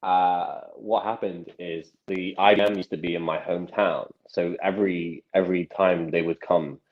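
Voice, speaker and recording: A young man, a magician telling stories from his life as a podcast guest, with animated delivery and frequent restarts. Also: low voice, normal speed. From England. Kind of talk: casual podcast storytelling. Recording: dull lo-fi sound.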